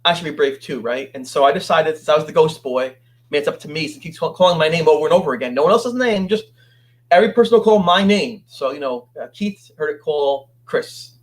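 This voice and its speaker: A man telling his story as a guest on an interview show, animated and acting out what others said. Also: fairly high pitch, fast talker. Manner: animated, acts out quoted voices.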